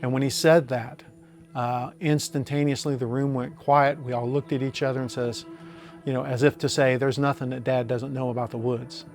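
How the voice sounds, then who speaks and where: A middle-aged man from the United States telling a personal story in an interview, plainspoken and halting with frequent fillers. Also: mid-range voice, level tone, a little mellow, faint music behind. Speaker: witness.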